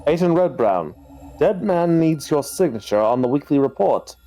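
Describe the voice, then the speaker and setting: A man voicing a brisk, kindly female deputy director in a video game, speaking in a friendly and reassuring way. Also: fairly high pitch, animated, warm tone, soft background music. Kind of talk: reading video game dialogue aloud.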